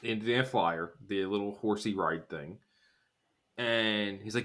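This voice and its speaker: A man co-hosting a podcast in casual chat, rambling through an episode recap and acting out characters' lines in quick bursts. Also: lowish voice, fairly bright tone. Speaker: podcast co-host.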